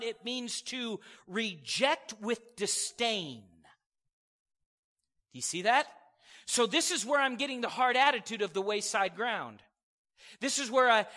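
A man's voice: high-pitched, sharp tone. A man preaching a sermon, teaching verse by verse, asking his listeners questions and acting out the people he quotes. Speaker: pastor. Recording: long hall reverb.

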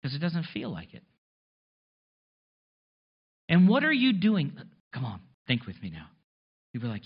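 A pastor preaching a sermon in a conversational way, with sarcastic asides and rhetorical questions. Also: male voice, a little high, very animated, normal speed, long pauses, breathy edge, lo-fi sound.

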